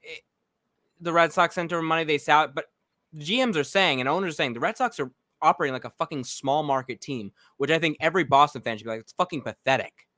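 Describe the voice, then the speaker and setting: A man's voice: on the high side, quick pace, sharp tone, dry recording, studio quality. A young man co-hosting a casual sports chat, blunt and foul-mouthed, getting heated when he rants. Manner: blunt, swears a lot, gets heated. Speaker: podcast co-host.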